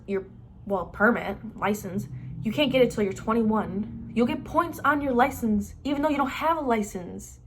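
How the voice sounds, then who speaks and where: A woman's voice: fairly high pitch, husky. A young woman in her late teens telling a casual storytime, rambling and filling every sentence with "like.". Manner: rambling, says "like" constantly. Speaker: vlogger.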